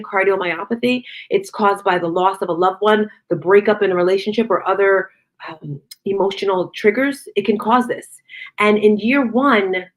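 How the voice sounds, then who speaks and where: A middle-aged woman giving a casual, earnest motivational talk to viewers, telling a personal story in an upbeat way. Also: mid-range voice. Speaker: motivational speaker.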